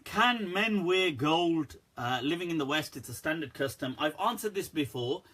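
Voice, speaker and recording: With a slightly high voice at normal speed, an Islamic scholar takes viewer questions on a live stream, answering in a candid, animated way and laughing often.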